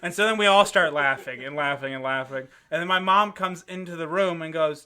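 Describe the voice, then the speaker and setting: A man's voice: high voice, a little fast. A young man, a podcast host, telling a story in casual chat and laughing often as he goes. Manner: animated, laughs often while telling stories.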